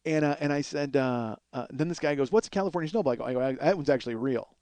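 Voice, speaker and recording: A man's voice: mid-range voice, very fast, a little mellow, dry recording. A man hosting a podcast, telling a profane comic story and acting out the dialogue he quotes. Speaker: podcast host.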